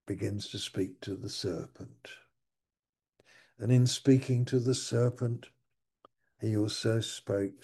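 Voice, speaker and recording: A man preaching a sermon, halting and repeating his words as he circles back over a point. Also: lowish voice, vocal fry, mellow. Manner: halting, repeats words while searching for them.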